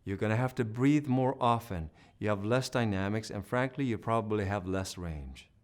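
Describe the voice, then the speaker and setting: A man's voice: fairly low pitch, normal speed. A man teaching a singing lesson, coaching and demonstrating vocal sounds and sung notes, with encouraging talk.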